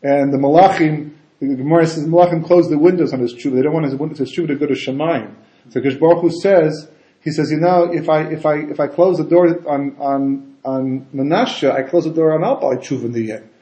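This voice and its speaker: A man giving a casual Torah talk as a rabbi, animated and full of rhetorical questions and asides. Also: a little high, fairly quick. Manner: animated, rhetorical questions, frequent "you know" and "right?". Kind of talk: casual conversational Torah lecture. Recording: echoey room.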